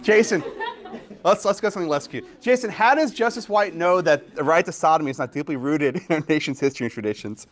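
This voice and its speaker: A man lecturing a law class, quizzing students and tagging points with quick questions. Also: fairly high pitch. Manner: lively, quizzes students, frequent tag questions. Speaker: law professor.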